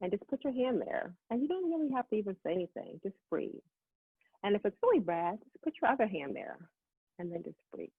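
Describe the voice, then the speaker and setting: A middle-aged woman giving a motivational talk, talking fast and acting out her own inner voice. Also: mid-range voice, husky, no room sound. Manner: fast-talking, animated self-talk quotes. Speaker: summit speaker. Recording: tinny phone-like line, dry.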